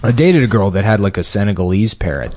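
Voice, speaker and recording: A man with a low voice that still swings widely in pitch, spinning loose anecdotes in casual podcast banter. He talks deadpan, full of fillers, and sounds short on sleep. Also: fast. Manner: rambling storyteller, deadpan, many fillers. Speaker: podcast co-host.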